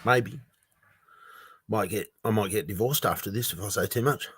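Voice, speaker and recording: A man's voice: lowish voice, moderate pace, a bit bright, breathy edge, no room sound. A man hosting a casual livestream, chatting loosely and greeting viewers by reading their comments aloud. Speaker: livestream host.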